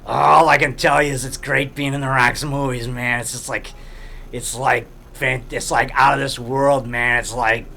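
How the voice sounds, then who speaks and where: A tipsy, gushing pal on a late-night call, voice dropped low and slurring slow, every line ending in "man" , put on by a man telling a story. the words stretch and trail off. it comes from the noise of a grocery store. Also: little pitch movement, vocal fry, pushed and bright. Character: buzzed adult male buddy on a late-night call.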